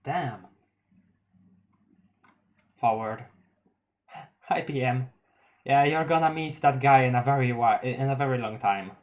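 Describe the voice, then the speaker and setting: A streamer reading a webcomic live, excitable, laughing often and restarting sentences. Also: mid-range voice, takes it slowly, pauses often, lo-fi sound. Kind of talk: casual live-read commentary.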